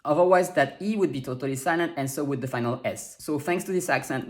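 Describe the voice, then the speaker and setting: Man coaching French pronunciation, deliberate delivery. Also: on the high side. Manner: clear, deliberate, slows down to spell out sounds. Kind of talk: scripted teaching to camera.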